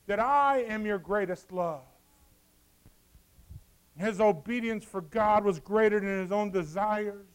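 Man, pastor, sermon, high pitched, smooth resonant voice, dramatic hushed-to-loud delivery. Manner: dramatic preaching, acting out scripture dialogue.

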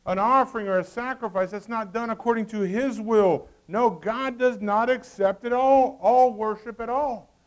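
A male pastor preaching a sermon, reading scripture in old-fashioned wording and calling out to the congregation, swinging from loud to hushed. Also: very high-pitched, moderate pace.

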